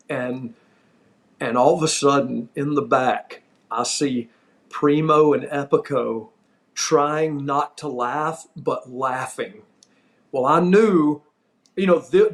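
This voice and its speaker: A middle-aged man with a somewhat high-pitched voice recounts a story on his podcast. He talks casually and with feeling, repeats his words for emphasis, and chuckles through the funny parts. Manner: animated, laughs while telling the story; emphatic, repeats himself for effect. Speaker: podcast host.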